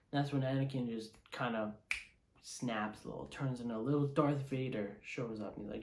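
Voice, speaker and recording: A man giving a casual, emotional movie review, excitable and full of fillers. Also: medium pitch, normal speed, roomy sound. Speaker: film reviewer.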